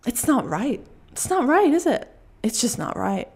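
A woman voicing an excitable, gossipy South African woman with a South African accent, who keeps repeating herself. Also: on the high side, unhurried, husky, voice pushed up, heavily acted. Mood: indignant. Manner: breathless, repeating herself, rising exclamations.

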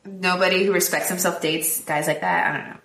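A woman co-hosting a podcast, recapping a film in casual chat, quoting characters in quick voices and laughing often. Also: on the low side, fairly even intonation, creaky, a bit bright, roomy sound, slight background noise. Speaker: podcast co-host.

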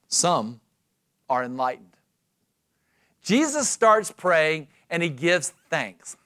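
A man preaching a sermon as pastor, emphatic and dramatic, slowing to stress key phrases. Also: fairly high pitch, fairly bright tone.

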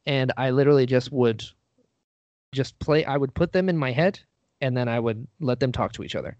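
A man's voice: medium pitch, fairly quick, darkish tone, no echo. A man, a guest on an interview show, telling a story in a casual, self-deprecating way, acting out the voices he quotes. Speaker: podcast guest, actor and writer. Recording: dull lo-fi dry recording.

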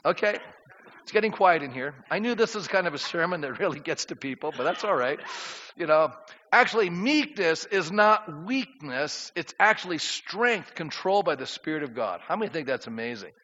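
A man's voice: a little high, lively intonation, moderate pace, bright, forceful tone. A male pastor preaching a conversational sermon to his congregation, often asking them questions. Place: church sanctuary. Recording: dull sound in a reverberant church hall.

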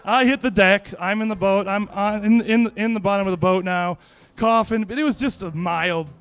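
High-voiced man telling a story. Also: moderate pace, smooth. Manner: lively, laughs often, many restarts. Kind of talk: casual personal anecdote.

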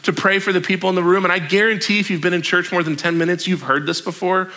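A young adult man preaching a sermon as a pastor, conversational and joking, with quick asides. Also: sits high, fairly even intonation, pushed and bright.

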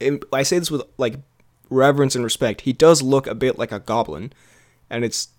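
A man's voice: medium pitch, fairly quick. A young man co-hosting a casual film review podcast, talking in a rambling way with lots of fillers and restarts. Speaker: podcast co-host.

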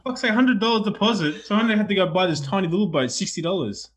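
A man's voice: sits high, lively intonation, quick pace, fairly bright tone. A man co-hosting a podcast, laid-back and swearing in casual chat. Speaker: podcast co-host.

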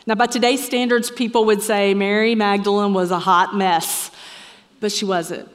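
A woman preaching a sermon in a church, earnest and measured, sometimes dropping to a soft whisper for emphasis. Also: mid-range voice, steady tone. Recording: echoey hall reverb.

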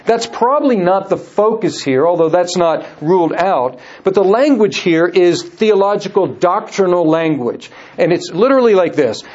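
A man teaching through a Bible passage in a measured way, often repeating and restarting phrases. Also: high voice, lively intonation, a little mellow. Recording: dull lo-fi recording.

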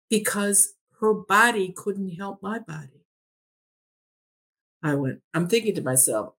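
A woman telling a story in a podcast conversation, retelling a back-and-forth dialogue line by line with a steady "I said, he said.". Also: mid-range voice, takes it slowly.

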